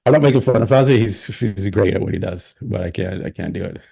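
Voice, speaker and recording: Low, dark-voiced male stream host. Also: fast talker, vocal fry, husky. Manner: rambling and opinionated, many restarts. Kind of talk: casual live stream commentary.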